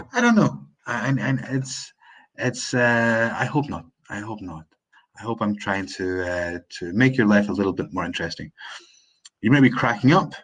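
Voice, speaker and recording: Scottish guy doing a live english lesson, low husky voice, chatty with lots of restarts. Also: rough recording. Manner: chatty, with hesitant restarts and slow, deliberate examples. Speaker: English teacher. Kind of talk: unscripted live-stream lesson.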